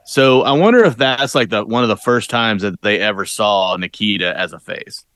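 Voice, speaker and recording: A middle-aged man co-hosting a podcast, musing thoughtfully about old wrestling with halting fillers. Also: fairly low pitch, fairly bright tone, no echo. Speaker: podcast co-host.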